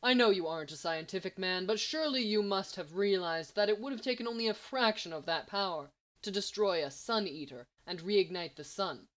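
A woman's voice: medium pitch, lightly acted. A woman reading the lines of a smug, scheming male villain in a confident, lecturing manner.

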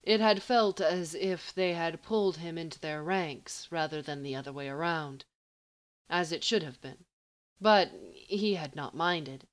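A woman reading a story aloud in a measured, even way. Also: deep voice. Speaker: narrator.

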